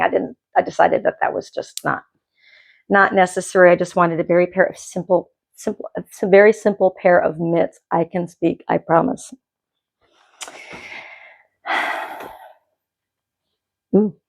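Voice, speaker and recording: A woman with a gravelly voice, pitched a little low, hosts a knitting podcast from her home dye studio. She chats in a loose, rambling way and often stops and restarts her sentences. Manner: chatty and rambling, with frequent restarts. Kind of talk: casual chat.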